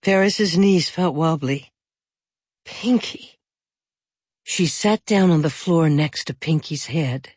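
An audiobook narrator reading a children's story gently and expressively. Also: mid-range voice, measured pace, few pauses, slightly rough, no room sound, clean studio sound.

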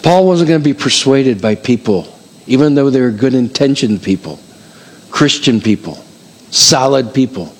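A male pastor preaching a sermon in church. He is animated and emphatic, slows down to stress key points, and calls out numbers like an auctioneer. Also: mid-range voice. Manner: animated, counts up the years like an auctioneer.

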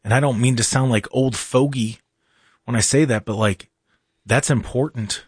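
A man's voice: mid-range voice, normal speed, a little mellow, breathy edge, no echo. Chatty male show host, dry close sound. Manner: chatty, rambling, frequent restarts and fillers. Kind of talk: casual live-stream show chat.

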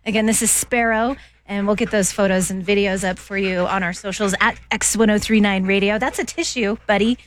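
A woman's voice: mid-range voice, fairly even intonation, brisk, few pauses. A woman hosting a radio show, bubbly and cooing, laughing a lot. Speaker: radio host. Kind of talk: casual radio chat.

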